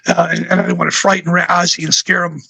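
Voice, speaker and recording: A man's voice: high-pitched, level tone, fast talker, vocal fry, pushed and bright, a little hiss or hum. An older man, a guest musician, telling rambling anecdotes full of fillers in a casual interview.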